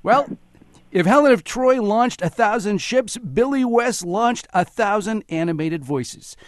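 A man hosting a public radio talk show, speaking in a measured, announcer-like way. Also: high voice, lively intonation, dry recording. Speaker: radio host.

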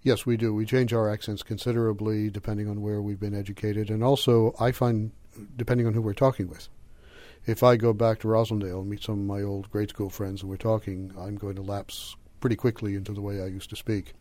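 A middle-aged man with a light Boston accent and a low, mellow voice, speaking as a linguistics professor. He explains at a measured pace, lecturing with small fillers and the odd chuckle. The recording is dry and close. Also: flat delivery, no room sound. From Boston area. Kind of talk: explanatory interview answers.

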